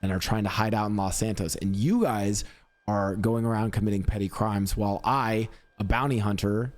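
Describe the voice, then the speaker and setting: A man's voice: lowish voice, a little mellow. A man streaming live, chatting casually in a rambling, upbeat, self-mocking way. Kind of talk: casual chat.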